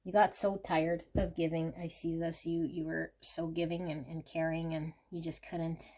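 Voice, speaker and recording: A woman channeling, in first person, a guarded and wounded lover who speaks in an earnest, halting way. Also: low-pitched, level tone, mellow. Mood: confessional. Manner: earnest, halting, repetitive confession.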